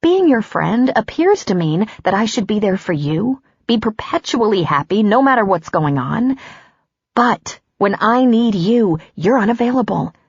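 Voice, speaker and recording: A woman's voice: medium pitch, sing-song, measured pace, breathy edge, dry recording, highs cut off, pitched above the performer's own voice, exaggerated voice. A woman narrator voicing a hurt, angry woman doctor who is ending a relationship, her voice raised and bitter. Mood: bitter, wounded.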